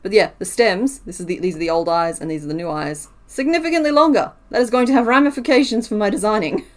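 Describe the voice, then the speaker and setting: A woman's voice: medium pitch, lively intonation, quick pace. A woman streaming while she crochets, talking casually, counting stitches aloud and answering her chat.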